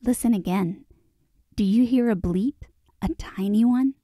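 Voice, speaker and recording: A woman's voice: on the high side, unhurried, dark tone, no echo, clean studio sound. A woman voicing a serious, plain-spoken young girl in a storybook reading. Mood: earnest.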